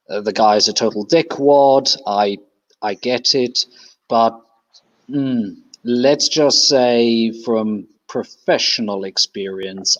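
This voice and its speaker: A seasoned vampire who has seen raids go wrong, played by a man at the table, weighing every word in a slow, deadpan drawl. The voice sits fairly low and comes through dull, lo-fi audio. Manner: measured and deadpan. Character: wary seasoned male vampire, dry deadpan strategist. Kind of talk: in-character tabletop role-play.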